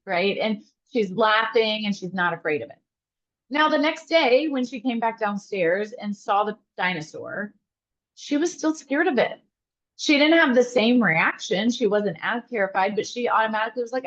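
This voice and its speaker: Animated woman therapist, dull lo-fi audio. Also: mid-range voice, fairly quick. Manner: animated, speaks straight to listeners. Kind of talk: interview answer, storytelling.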